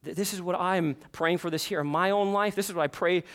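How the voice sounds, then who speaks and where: A man's voice: high voice, quick pace, a bit bright. A male pastor preaching a sermon in a church, earnest and repeating his questions for emphasis.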